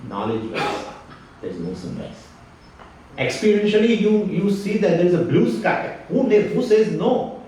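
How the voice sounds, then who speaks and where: Animated man teaching in an echoey hall. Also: high-pitched, unhurried, recorded from a distance. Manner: animated, rhetorical questions, repeats phrases. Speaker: Vedanta teacher. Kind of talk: spiritual lecture. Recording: echoey hall, speaker away from the mic, faint noise.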